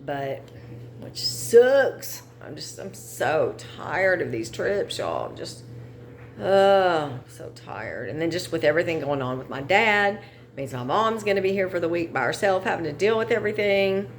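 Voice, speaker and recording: A middle-aged woman vlogs casually to camera, chatting frankly with her viewers and venting her frustrations. Her voice is fairly low in pitch, animated and unhurried. There's slight background noise.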